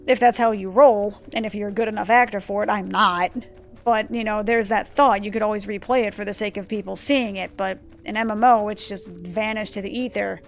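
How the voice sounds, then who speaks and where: A woman streamer giving casual let's-play commentary, rambling, excitable and profane as she goes. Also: mid-range voice, a little fast, faint music behind. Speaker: gaming streamer.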